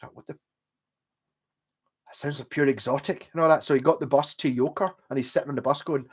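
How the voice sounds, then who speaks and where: A man's voice: medium pitch, fairly even intonation, fairly quick, pauses often, husky. A man with a posh Glasgow accent, rambling and swearing casually as he chats on a livestream. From Scotland. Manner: chatty, swears, wanders between stories. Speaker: livestream host.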